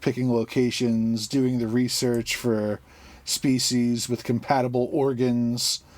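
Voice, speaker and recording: A man's voice: medium pitch, level tone, slow, darkish tone, no echo. A man co-hosting a podcast, recapping a comic book plot in casual chat with crude jokes and frequent laughs. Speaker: podcast co-host.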